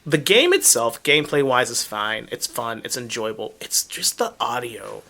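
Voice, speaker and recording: A man co-hosting a casual podcast, talking emphatically and excitably with plenty of swearing. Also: medium pitch, normal speed, vocal fry, a crowd in the background. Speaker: podcast co-host.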